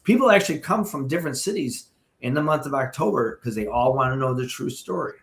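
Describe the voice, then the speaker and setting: Man, tour guide spinning a ghost tale, animated with asides, middle pitch, echoey room. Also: quick pace. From Chicago area. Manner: animated storyteller with many asides. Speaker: paranormal tour guide, guest. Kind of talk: ghost-story telling on a podcast.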